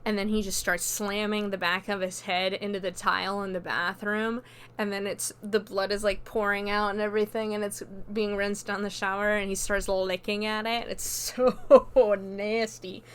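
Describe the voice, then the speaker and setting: A woman hosts her own podcast and talks through a horror film's plot in a relaxed, chatty way. Her voice is smooth and clear, and sits at a middle pitch. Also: normal speed. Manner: chatty, loose with fillers and quoted dialogue. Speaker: podcast host. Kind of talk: casual movie recap.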